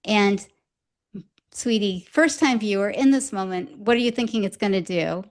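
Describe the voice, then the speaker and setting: Animated woman recapping a show. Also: mid-range voice, normal speed, slight background noise. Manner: animated storyteller, acts out quotes. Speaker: podcast co-host recapping an anime. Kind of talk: casual recap and commentary.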